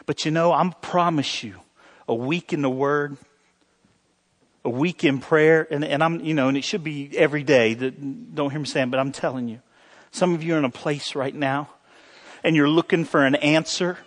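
A male pastor preaches in a high, bright-ringing voice. He mixes humor with urgent storytelling and swings from low, soft asides up to lifted, emphatic lines. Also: fairly even intonation, normal speed. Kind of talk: sermon.

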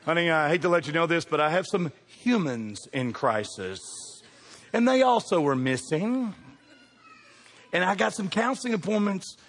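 A man preaching a humorous storytelling sermon, animated and jokey, swinging from hushed asides to loud calls. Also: on the high side, moderate pace. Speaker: pastor. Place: church sanctuary with congregation. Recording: long hall reverb.

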